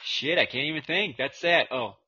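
A man's voice: on the high side, normal speed, pushed and bright, husky, highs cut off. A man co-hosting a podcast, bantering crudely, swearing and laughing often as he throws out ideas. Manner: profane, laughs often, brainstorms aloud. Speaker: podcast co-host.

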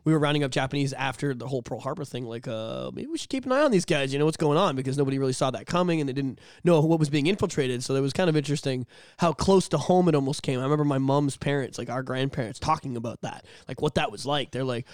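A man's voice: mid-range voice, quick pace, no echo, studio quality. A man from Canada's East Coast hosting a casual podcast chat, rambling and swearing as he tells stories. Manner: rambling, profane, animated storytelling. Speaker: podcast host.

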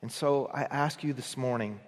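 A male pastor delivers a sermon in a long-echoing church hall. His voice sits at an ordinary pitch, and he talks earnestly, pressing his points harder and then falling almost to a whisper. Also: moderate pace. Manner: earnest, swells for emphasis then drops to a hush.

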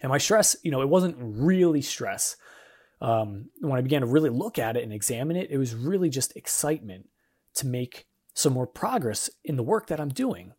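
Casting note: young adult male podcast host, mid-pitched, earnest and encouraging devotional chat. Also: sing-song, normal speed, darkish tone, husky. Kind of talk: casual devotional podcast monologue.

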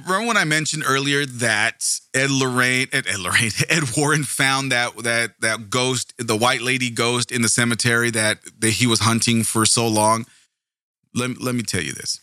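A man rants in a casual, profane commentary, his bright, edgy voice heavy with indignation and sarcasm. The sound is close and dry, with no room around it. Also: mid-range voice, no room sound. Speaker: commentary video host.

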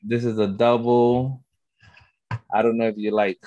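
A man's voice: mid-range voice, level tone, unhurried, warm tone, no room sound, highs cut off. A young man co-hosting a podcast, talking in a loose, slangy way and addressing the listeners as guys. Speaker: podcast co-host. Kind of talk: casual chat.

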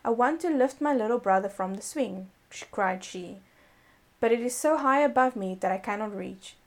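Woman storyteller, slightly high voice with vocal fry, gentle read-aloud fairy-tale delivery. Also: normal speed.

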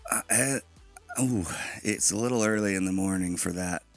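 A man co-hosting a faith podcast in casual chat, slightly raspy in the morning, rambling and informal. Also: sits low, fairly quick, faint music behind. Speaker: podcast co-host.

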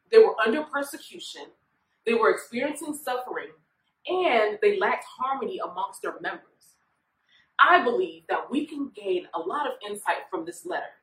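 A woman's voice: medium pitch, fairly bright tone. A woman minister leading a Bible study in an informal, conversational way, often checking in with her listeners. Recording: echoey room, voice far from mic.

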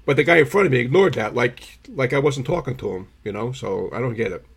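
Gravelly man telling rambling stories. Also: mid-range voice, expressive, quick pace, a little hiss or hum. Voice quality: gravelly, husky. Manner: rambling anecdotes, frequent throat clearing. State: throat irritation. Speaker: podcast co-host. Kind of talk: casual storytelling chat.

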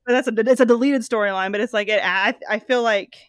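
Speaking fast and clearly, a podcast co-host in her thirties gives a casual movie recap in a fairly high, resonant voice. The recording has no room sound. She rambles along with plenty of fillers and doesn't hold back on swearing.

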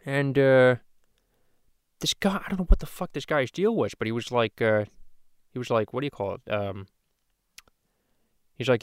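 A man's voice: mid-range voice, normal speed, long pauses, smooth, dry recording, studio quality. A man venting in a rambling, profane, exasperated way, in a casual rant to the camera as host of his own channel. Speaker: YouTube host.

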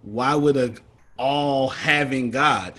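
A man's voice: mid-range voice, takes it slowly, sharp tone. A man teaching a study group over a video call, preachy and emphatic in a folksy way.

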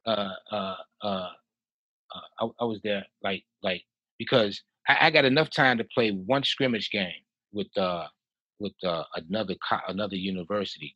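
Husky-voiced man telling stories. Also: deep voice, normal speed, no room sound, rough recording. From Chicago. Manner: animated, laughs often, repeats and restarts. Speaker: guest, house music producer. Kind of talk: casual storytelling in a podcast interview.

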